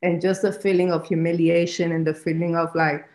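A woman with a Spanish accent, Spanish her first language, telling her life story as an interview guest, reflective and halting, often restarting. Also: on the low side, flat delivery, a little mellow, reverberant. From Spanish-speaking country. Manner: reflective, many restarts and fillers. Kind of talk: personal storytelling.

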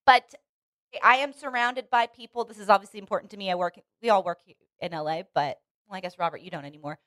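A woman's voice: medium pitch, fast talker, fairly bright tone, dry recording. A woman co-hosting a casual podcast chat, earnest and opinionated, restarting her sentences often. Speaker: podcast co-host. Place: Los Angeles.

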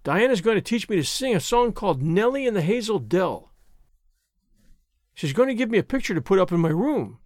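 A man's voice: sits high, sing-song, a little fast, darkish tone, no room sound, studio quality. A man voicing a chatty, imaginative orphan girl of about eleven who gushes with enthusiasm. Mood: excited chatter. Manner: gushing, breathless enthusiasm.

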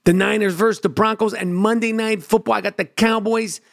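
A man's voice: high-pitched, fairly even intonation, brisk, gravelly. A man giving a brash, profane football opinion rant with swaggering trash talk. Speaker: sports commentator.

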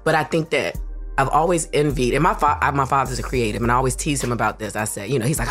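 A woman in her forties from Philadelphia, co-hosting a podcast and talking through tears, halting and restarting. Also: rumbling low, fairly bright tone, faint music behind. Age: 40s. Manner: halting, tearful, with many restarts. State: crying. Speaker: podcast co-host. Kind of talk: emotional casual chat.

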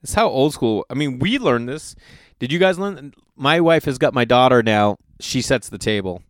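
A middle-aged man hosts casually, reading old recipes aloud and riffing on them with incredulous, exasperated commentary full of swearing. His medium-pitched voice is animated at normal speed, captured in a dry, clean studio recording.

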